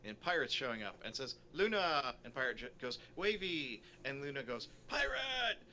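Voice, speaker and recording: A man chatting casually on a game stream, excitable and talkative. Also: medium pitch, fast, a little hiss or hum.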